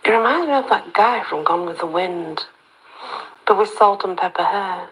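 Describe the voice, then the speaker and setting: A woman's voice: mid-range voice, lively intonation, normal speed, fairly bright tone, poor audio. A woman reading a first-person story aloud, with a chatty, wry inner-monologue manner.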